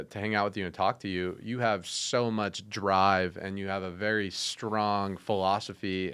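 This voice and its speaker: A man hosting a podcast, speaking in a measured, reflective way and asking long open questions. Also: fairly low pitch, fairly bright tone, clear, resonant tone. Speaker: podcast host. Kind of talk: casual podcast interview.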